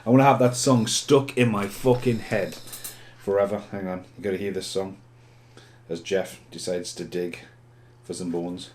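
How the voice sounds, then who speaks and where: A man's voice: deep voice, steady tone, moderate pace, darkish tone, a little hiss or hum. A man rambling casually through a film review vlog, swearing a lot and laughing at the films.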